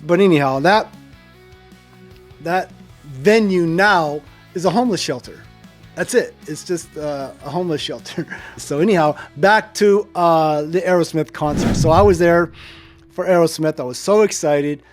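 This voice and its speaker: Older guy in his 60s rambling thru an old story, kinda high-ish voice, little music under it. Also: normal speed. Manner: digressive, loses track and chuckles. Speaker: storyteller host.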